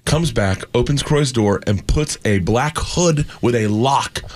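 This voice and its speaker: A man from Florida, a comedian telling wild stories on a radio show, animated and laughing through his punchlines. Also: medium pitch, measured pace. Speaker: comedian guest. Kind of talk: casual chat, storytelling.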